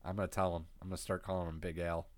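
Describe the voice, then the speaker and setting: A man's voice: low-pitched, flat delivery, very fast, no echo. A man co-hosting a casual recap chat, laid-back and swearing freely, getting over a cold. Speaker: podcast co-host recapping wrestling.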